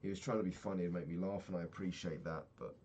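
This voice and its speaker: Low-voiced young man, subdued and sweary. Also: steady tone, quick pace, a little mellow, dull audio. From England. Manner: low-key, heavy swearing, trailing off. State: sad, recently crying. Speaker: vlogger. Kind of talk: personal video diary.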